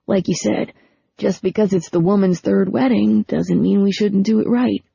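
A woman's voice: mid-range voice, fairly even intonation, moderate pace, gravelly, warm tone, breathy edge, dry recording, exaggerated voice. A woman voicing an eager, persuasive young man who talks in a breezy, coaxing way, in a storybook reading. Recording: dull lo-fi recording.

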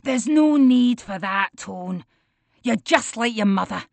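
Bitter old father, gruff and defensive, read by a woman narrator, slow and dry. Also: medium pitch, expressive, fairly bright tone, dry recording, exaggerated voice. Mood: harsh. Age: older. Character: bitter older father, dismissive boozer. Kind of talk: audiobook character voice.

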